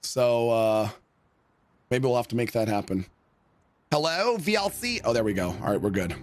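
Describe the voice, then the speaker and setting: A man's voice: mid-range voice, animated, moderate pace, soft background music. Joking Canadian man, swearing freely. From Canada, Greater Toronto Area. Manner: joking, profane, teasing. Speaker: game streamer. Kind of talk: casual livestream chat. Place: home basement office.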